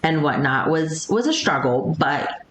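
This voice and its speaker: A woman's voice: low-pitched, very animated, unhurried, fairly bright tone, slight background noise. A woman in her thirties chatting as a podcast guest, hesitant, with many ums and restarts. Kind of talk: casual interview chat. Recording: echoey room.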